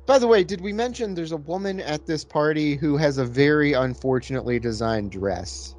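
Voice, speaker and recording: A man's voice: on the high side, lively intonation, brisk, a little mellow. A man co-hosting a casual movie podcast who asks questions and adds observations about the film. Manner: inquisitive, asks follow-up questions. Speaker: podcast co-host. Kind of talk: casual movie-review chat.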